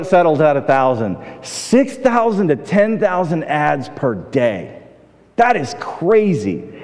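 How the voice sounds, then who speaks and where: Here the preacher's voice sits a little high and a little mellow. Talking conversationally with his church congregation, he poses questions and voices the people quoted in his stories, all carried by the long echo of a large hall.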